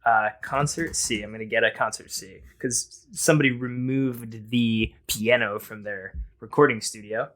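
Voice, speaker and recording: A man's voice: medium pitch, steady tone, moderate pace, few pauses, fairly bright tone. A man co-hosting a casual comedic chat, rambling and hesitant with a playful edge. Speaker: podcast co-host.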